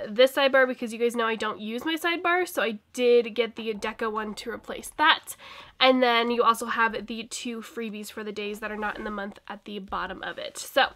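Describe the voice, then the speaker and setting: Young woman vlogger, fairly high voice, sick with a cold, rambling and laughing casually. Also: fairly bright tone. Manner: chatty and rambling, laughs often. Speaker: planner vlogger. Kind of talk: casual plan-with-me chat.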